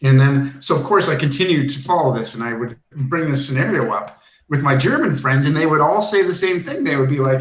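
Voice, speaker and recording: A man's voice: a little high, animated, fairly quick, reverberant, rough recording. A male teacher giving a classroom lesson, telling a personal story in a chatty way with frequent ums.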